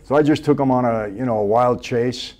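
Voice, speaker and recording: An older man, a guest in an interview, telling stories from his past in a measured, plain-spoken way that often trails off softly. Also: mid-range voice. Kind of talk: conversational storytelling.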